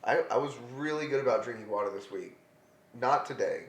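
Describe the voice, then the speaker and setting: A man's voice: mid-range voice, fairly quick, a crowd in the background. A man co-hosting a podcast, telling stories in casual chat and swearing freely. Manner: animated storyteller, swears a lot. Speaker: podcast co-host. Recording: echoey room with faint noise.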